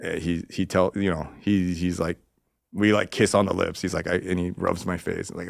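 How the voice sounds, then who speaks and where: Gravelly low-voiced rambling man. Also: level tone, normal speed, no echo, clean studio sound. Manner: rambling, profane, acts out quotes in raised voice. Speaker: podcast guest. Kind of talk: casual storytelling interview.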